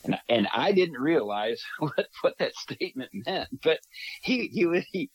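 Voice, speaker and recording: A man from Minnesota telling a story on a podcast, talking in a lively way and acting out the voices of the people he quotes. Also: on the high side, measured pace, husky, no room sound, low-quality recording. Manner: animated, acts out quoted voices. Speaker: guest storyteller.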